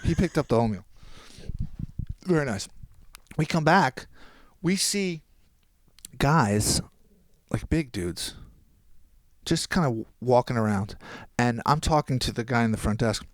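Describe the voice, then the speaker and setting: Man, podcast guest, animated storytelling, mid pitch, dry close mic. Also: dry recording. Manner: animated anecdote, quoting people in quick voices. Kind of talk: storytelling in casual chat.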